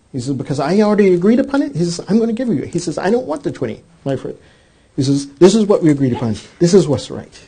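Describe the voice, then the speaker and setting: Male lecturer, high warm voice, animated storyteller, keeps saying "he says". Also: husky. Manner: animated storyteller acting out quoted dialogue; repeats "he says" constantly. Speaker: speaker.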